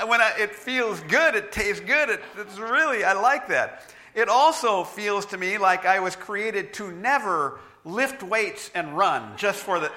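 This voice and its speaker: A man's voice: high voice, expressive, a little slow, bright, forceful tone. A middle-aged man preaching a sermon, telling stories with self-deprecating humor. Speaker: pastor.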